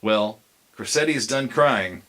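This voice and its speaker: A man's voice: on the low side, expressive, measured pace, bright, forceful tone. A man voicing a tearful old barber. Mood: wistful. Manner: emotional, musing questions. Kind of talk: storybook reading.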